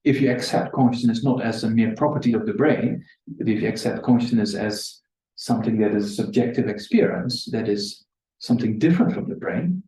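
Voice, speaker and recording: Guy teaching buddhism, chatty, laughs a lot, mellow voice, echoey hall, mic far off. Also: a little fast. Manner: conversational, laughs often, animated quotes in a higher voice. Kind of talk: dharma talk to a live audience. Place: meditation centre hall. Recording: echoey room, distant mic.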